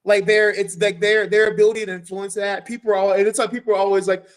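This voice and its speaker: A man's voice: high voice, fast, rough recording. A man, a guest fighter, retelling a fight in a casual podcast chat, swearing often and acting out what was said. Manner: animated storytelling, swears often, acts out his own quotes.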